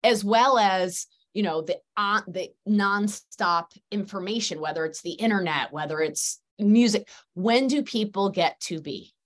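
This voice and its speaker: A woman's voice: medium pitch, measured pace, hardly any pauses. A middle-aged woman, a guest practitioner in an interview, speaking earnestly in long, flowing, emphatic sentences. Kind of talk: conversational interview.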